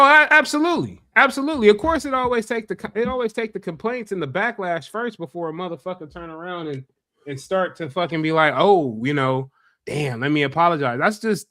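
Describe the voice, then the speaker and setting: A man hosting a casual podcast, talking in an animated, profane way and repeating himself when worked up. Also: high voice, fast talker, dry recording, clean studio sound. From Los Angeles area. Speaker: podcast host.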